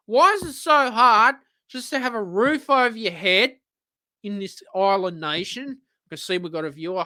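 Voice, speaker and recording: A man's voice: high voice, bright, forceful tone, no room sound. An Australian man hosting a live-streamed radio-style show, ranting in an exasperated, profane way. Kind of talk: live-streamed solo rant.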